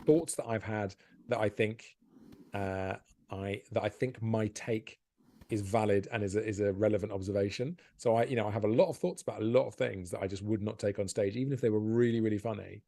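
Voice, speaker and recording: A man, a stand-up comedian, talking candidly and self-deprecatingly in a podcast interview, animated and often laughing. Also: fairly low pitch, brisk.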